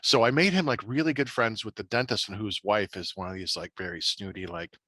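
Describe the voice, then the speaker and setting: A middle-aged man, a podcast host and writer, talking in a casual, animated way with many restarts and fillers. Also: fairly low pitch, a little fast, no echo. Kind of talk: casual chat.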